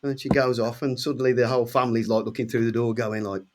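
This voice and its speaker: Guest, English male, 60s, mid-pitched, rambling storyteller who voices the people in his tales. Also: quick pace. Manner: lively anecdotes, acts out quoted voices with big pitch jumps. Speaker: guest musician. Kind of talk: casual storytelling.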